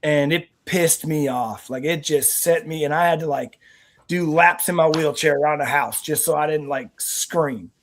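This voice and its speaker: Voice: mid-range voice, moderate pace. A guest on a veterans' talk show telling stories in an earnest, rambling way with many restarts. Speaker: guest, nonprofit team member. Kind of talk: conversational interview answers.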